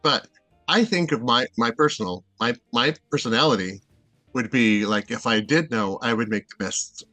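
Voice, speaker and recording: A man's voice: mid-range voice, moderate pace, sharp tone, dry recording, soft background music. Rambling man, lots of fillers. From Seattle, USA. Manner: rambling, hesitant, many fillers and restarts. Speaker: guest. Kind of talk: casual interview chat.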